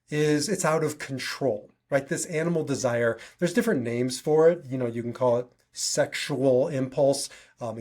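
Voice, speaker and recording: A man's voice: medium pitch, a little mellow. A man hosting a solo podcast, talking earnestly and conversationally with frequent restarts. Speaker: podcast host.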